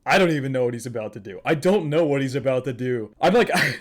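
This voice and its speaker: Male reaction YouTuber, mid-pitched, excitable and gushing, casual commentary. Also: fast. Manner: excitable, emotional, gushing, repeats himself.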